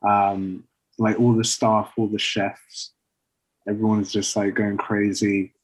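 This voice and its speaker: Man, husky, unhurried, casual rambling storyteller, lots of fillers. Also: on the low side, level tone, low-quality recording. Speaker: podcast co-host pitching a story. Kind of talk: casual chat.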